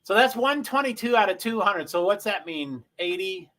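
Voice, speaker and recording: A man hosting a casual livestream, rambling through race positions with frequent throat clearing and self-interruptions. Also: high voice, expressive, normal speed, bright, forceful tone. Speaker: livestream host. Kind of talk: casual live race commentary.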